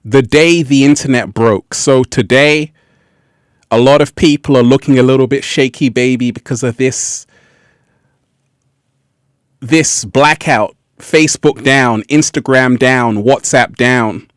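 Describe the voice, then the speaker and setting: A man's voice: medium pitch, a little slow, clear, resonant tone, no echo, clean studio sound. A man hosting a casual livestream who laughs often and repeats his phrases. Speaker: livestream host.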